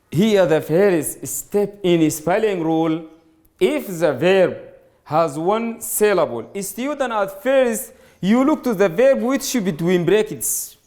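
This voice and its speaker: A man teaching an English grammar lesson to students, explaining slowly and repeating words, with Arabic as his first language. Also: high voice, darkish tone. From Sudan. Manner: slow, repetitive explaining, addresses students directly.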